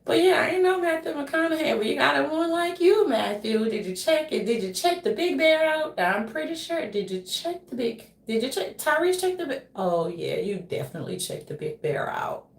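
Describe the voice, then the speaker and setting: A woman's voice: high voice, expressive, moderate pace, vocal fry, few pauses. A woman vlogger talking in a loose, jokey, rambling monologue and swearing freely. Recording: echoey room, voice from a distance.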